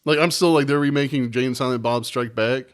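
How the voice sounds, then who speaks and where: Male podcast co-host in his thirties, casual and animated, swears freely while acting out quotes, mid-pitched voice. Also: fairly quick, smooth. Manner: animated, profane anecdote-telling with acted quotes. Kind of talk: casual storytelling chat.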